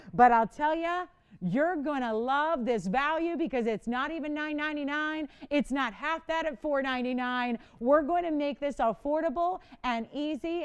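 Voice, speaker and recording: A woman's voice: sits high, smooth. A woman in her forties hosting a live home-shopping show, chatty and bubbly, often laughing as she presents. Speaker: shopping channel host. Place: television studio.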